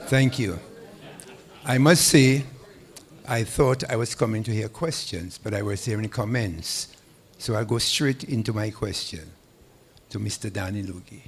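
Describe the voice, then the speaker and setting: A man, an audience member at a public forum, asking a candidate a question in a deliberate, formal way. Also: fairly low pitch.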